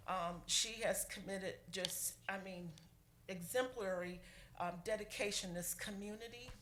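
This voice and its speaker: A woman serving as city clerk gives a heartfelt, halting tribute at a council meeting, pausing often and fighting back tears. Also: mid-range voice, a bit bright. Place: council chamber. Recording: echoey chamber with faint room noise.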